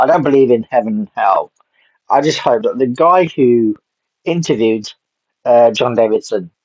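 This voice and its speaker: A man's voice: mid-range voice, a little mellow, no room sound. A man reviewing a film in a casual, rambling way, blunt and swearing offhandedly. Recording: dull lo-fi dry sound.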